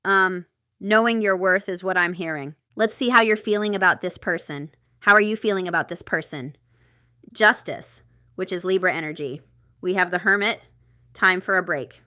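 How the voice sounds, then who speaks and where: Tarot reader woman, smooth clear tone, bright; talks casually, excitable, full of fillers. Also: fairly low pitch, normal speed, no echo, studio quality. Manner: chatty, excitable, thinks aloud with many fillers. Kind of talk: casual tarot reading monologue.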